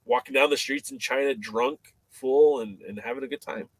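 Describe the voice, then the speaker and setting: A man as a podcast guest, telling a story in a casual, animated way, with many fillers and restarts. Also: medium pitch, moderate pace, no room sound.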